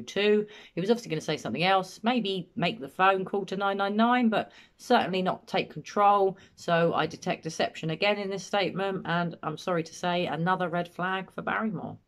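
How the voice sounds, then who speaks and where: Woman giving analytical true-crime commentary. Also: on the low side. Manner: measured, matter-of-fact, analytical. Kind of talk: body language analysis commentary.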